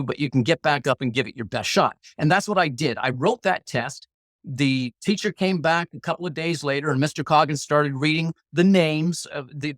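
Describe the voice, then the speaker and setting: Animated male storyteller, fairly high voice. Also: no echo. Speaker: guest, former hostage negotiator. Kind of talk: storytelling in a podcast interview.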